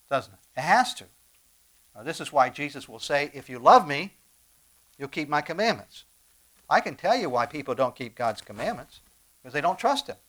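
A man's voice: medium pitch, a bit bright. Man preaching a conversational sermon. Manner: conversational, acts out quoted voices, asks the listeners questions.

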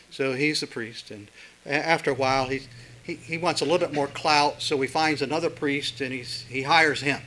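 Bright-voiced conversational male preacher. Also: mid-range voice, fairly even intonation, normal speed, low-quality recording. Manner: conversational, storytelling, with many fillers. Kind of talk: sermon.

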